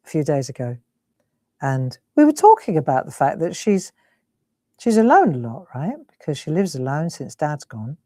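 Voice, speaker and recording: A woman's voice: low voice, mellow, no echo, clean studio sound. A middle-aged woman hosting a live crafting stream, chatting and giggling as she works. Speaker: crafting host.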